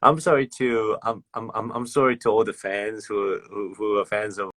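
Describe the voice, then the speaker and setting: A man's voice: fairly low pitch, steady tone, moderate pace, a bit bright, no room sound. A man with an Australian accent chatting casually with fans on a livestream, swearing freely, laughing and repeating himself as he talks. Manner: loose and profane, laughing, repeats words. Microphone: phone.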